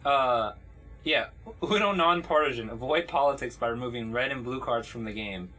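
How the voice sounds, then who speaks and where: Guy hosting a chill podcast, bright tone, rambly, swears a lot. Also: medium pitch, normal speed, faint music behind. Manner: loose, swearing, rambling with many fillers. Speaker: podcast host. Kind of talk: casual podcast chat.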